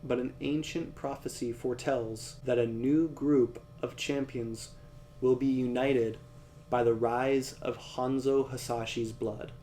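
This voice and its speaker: A man reviews a film in a relaxed, off-the-cuff way, talking at a mid pitch. He strings his recap together with "like" and "and then," and he swears freely when something irritates him. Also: unhurried, a little hiss or hum. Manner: conversational, says "like" a lot, swears when annoyed. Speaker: movie reviewer. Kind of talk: casual recap and commentary.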